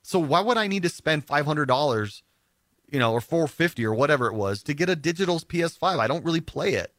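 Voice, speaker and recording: A man chatting casually on a podcast, telling stories with lively acted-out quotes. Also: on the high side, brisk, no room sound, clean studio sound. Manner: animated storyteller, acts out quoted voices. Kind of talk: casual chat.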